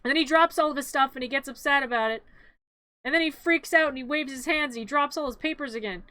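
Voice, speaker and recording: A woman's voice: high voice, quick pace, bright, forceful tone, dry recording. A woman streamer casually and comically narrating her own drawings, rambling, giggling and talking back to them.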